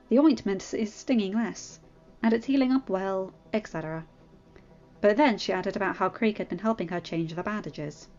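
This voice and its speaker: A woman reading fanfiction aloud as a narrator, with expressive storytelling. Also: fairly low pitch, lo-fi sound. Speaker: audiobook reader.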